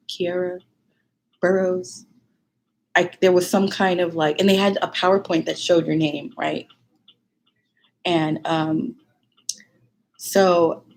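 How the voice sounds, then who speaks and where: A young woman tells a personal story straight to her viewers, casual and rambling, sprinkling "like" everywhere. Her voice sits a little low and has a breathy, husky edge. She laughs easily and slips into a higher voice to act out what people said. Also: darkish tone. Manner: chatty, many "like"s, laughs often, acts out quotes in a high voice. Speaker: vlogger.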